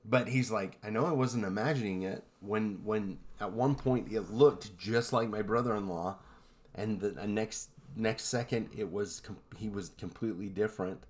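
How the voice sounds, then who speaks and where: A man co-hosting a podcast, telling eerie stories in a relaxed, rambling way with lots of fillers. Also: fairly low pitch, moderate pace. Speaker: podcast co-host. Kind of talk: casual storytelling chat.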